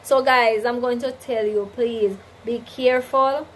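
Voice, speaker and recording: In an unhurried manner, a woman with a fairly high, fairly evenly pitched voice talks over a little hiss or hum in a low-quality recording. She hosts a casual livestream chat, reading comments from viewers and giving preachy advice grounded in faith, repeatedly saying "you understand?" and "right?".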